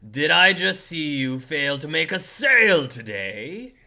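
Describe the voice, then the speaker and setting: A man's voice: on the low side, measured pace, bright, forceful tone. A man playing a stern middle-aged male delivery-company boss in a tabletop game, businesslike and full of fillers.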